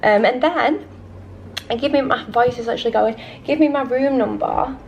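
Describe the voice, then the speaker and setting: A woman's voice: fairly high pitch, normal speed, creaky, muffled recording, slight background noise. A young woman vlogging casually about her travel day in a hotel room, rambling and self-deprecating, her voice audibly shaky. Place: hotel resort room, indoors. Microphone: handheld camera.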